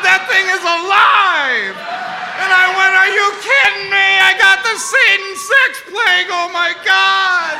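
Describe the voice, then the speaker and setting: A man tells a funny story to a live crowd, and his voice sits very high. He has a sharp, bright tone and jumps into loud, panicked shouts. It carries a long echo from the hall. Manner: animated, acts out his own panicked shouts. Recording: echoey hall.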